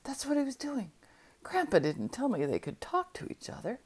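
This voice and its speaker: A young country boy, curious and quick to get riled, keeps his voice hushed and close to a whisper, as a woman reads him aloud. The tone sits low and soft, like a storybook moment spoken under the breath. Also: expressive. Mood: amazed.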